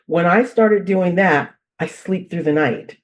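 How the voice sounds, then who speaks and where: A woman as the expert guest on a parenting interview, telling animated stories, repeating phrases for emphasis and laughing as she talks. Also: on the low side, a little slow. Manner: laughs while talking. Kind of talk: conversational interview.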